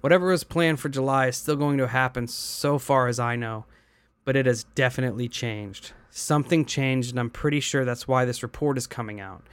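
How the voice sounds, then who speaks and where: Brief: male podcast host, reads posts in an even voice, dead-dry studio sound. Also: mid-range voice, fairly quick, clear, resonant tone, dry recording. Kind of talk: reading aloud and casual chat.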